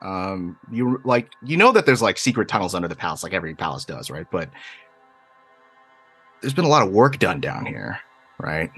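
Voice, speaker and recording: A man's voice: low-pitched, big pitch swings, moderate pace, a bit bright, slightly rough. A man running a tabletop game, describing scenes loosely with lots of fillers, over faint music. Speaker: game master.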